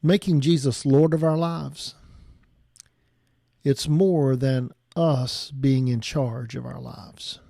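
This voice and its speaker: Male pastor, reflective sermon, unhurried delivery, dry close-mic sound. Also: mid-range voice, steady tone, vocal fry, warm tone, dry recording. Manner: slow and reflective, with frequent restarts.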